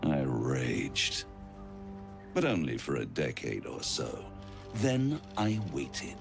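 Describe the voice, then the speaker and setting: An actor voicing an ancient scheming male devil in a video game, with a deep, theatrical, relishing drawl. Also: vocal fry, heavily acted. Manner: grand, relishing, mocking delivery. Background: game music.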